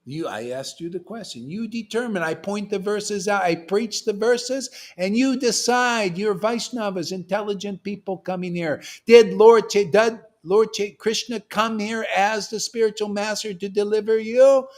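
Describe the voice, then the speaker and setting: A man's voice: high voice, normal speed, hardly any pauses. A man preaching a devotional class in a fervent, rambling way, quoting verses, calling out to the listeners and often tacking "man" onto his lines. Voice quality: excitable, loud bursts, laughs and shouts, slangy with "man".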